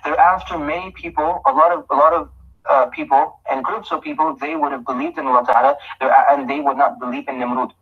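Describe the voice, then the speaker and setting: A man's voice: on the high side, animated, fairly quick, slightly rough, muffled recording. A man giving a Quran commentary lesson, explaining step by step, repeating phrases and reciting Arabic verses. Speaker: Quran teacher. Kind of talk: tafsir lesson.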